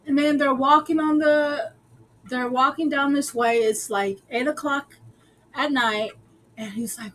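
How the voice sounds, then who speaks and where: A woman's voice: sits high, fairly even intonation, measured pace, a bit bright, slight background noise, rough recording. A woman casually recapping a show episode, chatty and slangy with lots of fillers.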